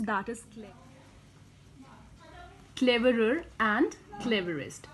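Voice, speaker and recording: A woman explaining grammar step by step, often pausing with "you know" and "uh". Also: sits high, darkish tone. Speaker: English teacher.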